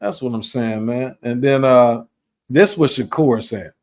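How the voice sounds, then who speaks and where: A man hosting a live boxing talk show, arguing in heated, slangy chat with sudden jumps in pitch and a lot of repetition. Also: a little slow, darkish tone. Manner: slangy, repeats himself while arguing.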